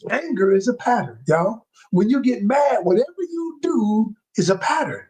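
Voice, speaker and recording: A man with a husky, slightly breathy voice gives a motivational coaching talk, his pitch swinging up and down with lively emphasis. He speaks straight to his listeners, repeats key lines for effect, and now and then drops his voice low to show calm. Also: normal speed, low-quality recording. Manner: emphatic and repetitive, addresses listeners directly. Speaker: communication coach.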